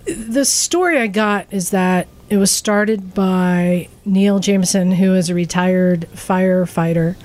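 A woman's voice: on the low side, unhurried, few pauses. A woman telling a story in casual chat and acting out the lines of the people in it. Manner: animated storyteller, acts out quotes.

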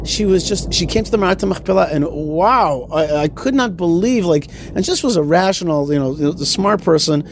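Animated man hosting a talk show. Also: high voice, normal speed, few pauses, slight background noise. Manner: animated storyteller, many restarts. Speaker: host. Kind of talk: casual podcast conversation.

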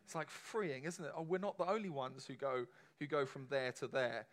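A man's voice: medium pitch, normal speed. A man preaching a sermon to a congregation in a conversational, emphatic way, often asking the room questions.

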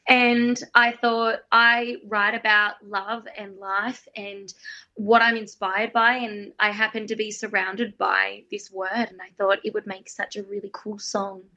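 A woman's voice: medium pitch, flat delivery, a little slow, pushed and bright, dull audio. An Australian woman singer-songwriter chatting in an interview, telling stories in a bubbly, enthusiastic way. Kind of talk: casual interview chat. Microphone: phone guest line.

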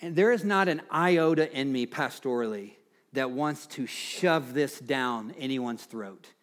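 A man's voice: mid-range voice, unhurried. A man preaching a sermon as pastor, building with passion and emphasis on key phrases.

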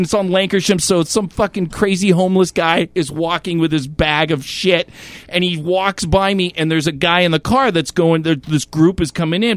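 A man hosting a podcast, telling animated stories in casual chat and swearing a lot. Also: on the high side, dry recording. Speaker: podcast host.

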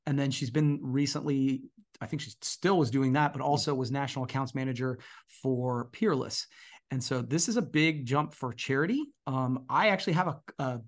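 A man's voice: medium pitch, moderate pace. A man co-hosting a podcast in casual chat, easygoing and chatty. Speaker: podcast co-host.

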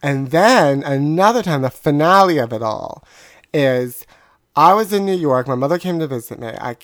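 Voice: medium pitch, lively intonation, moderate pace, a bit bright, no echo. Dry, close-sounding casual storyteller. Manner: chatty storyteller, laughs at own story. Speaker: podcast co-host telling a story. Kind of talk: casual chat, anecdote.

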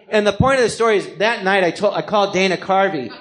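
A man telling a comic story live on stage, animated and rambling, acting out the voices of the people he quotes. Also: high voice, fast talker, few pauses.

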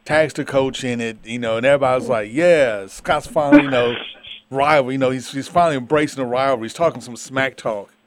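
A man's voice: medium pitch, brisk. A man co-hosting a sports talk show, emphatic and repetitive in a casual rant. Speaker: sports podcast co-host. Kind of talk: casual chat.

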